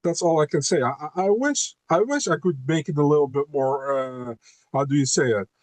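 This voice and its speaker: A man's voice: a little high, brisk, darkish tone, no room sound. A laid-back man chatting as a podcast guest, often repeating words and tossing in "you know" and "man". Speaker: podcast guest, MMA co-host. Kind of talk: casual podcast chat.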